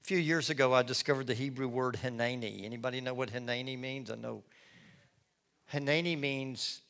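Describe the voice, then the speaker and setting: A middle-aged male pastor preaching a sermon in an expressive storytelling manner. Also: medium pitch, brisk, vocal fry. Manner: expressive, storytelling, acts out scenes. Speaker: lead pastor.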